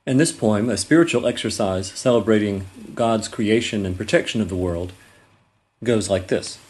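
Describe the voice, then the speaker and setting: A man giving a literature lecture, speaking in a measured way with frequent ums and restarts, and reading verse aloud with raised emphasis. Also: lowish voice, darkish tone. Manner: reads poetry aloud with raised, emphatic delivery. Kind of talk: recorded lecture.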